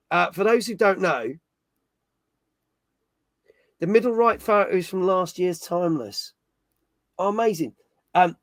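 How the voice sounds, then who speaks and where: Man, stream host, bright tense voice, dry close sound, upbeat chatter. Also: high-pitched, no echo. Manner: chatty, upbeat, reads viewer chat aloud. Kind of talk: casual livestream chat.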